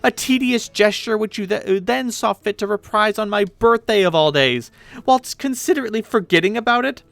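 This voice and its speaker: A man voicing a furious young woman who shouts and snaps sarcastically at her friend, in a webcomic read aloud with voices. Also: sits high, moderate pace, gravelly, no echo, pitched above the performer's own voice.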